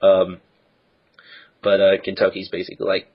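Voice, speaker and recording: A man's voice: fairly low pitch, steady tone, moderate pace, highs cut off. A man co-hosting a podcast, casually recapping a manga chapter in a rambling, filler-heavy way. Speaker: podcast co-host.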